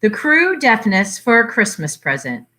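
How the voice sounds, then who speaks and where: A woman doing a cunning old country aunt who speaks in a soft, knowing dialect, her voice swooping with secret amusement. She talks unhurriedly and brightly, as if sharing a long-kept joke. Storybook reading. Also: on the high side, sing-song, a little slow, full character voice. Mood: confiding. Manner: knowing, chuckling, broad dialect.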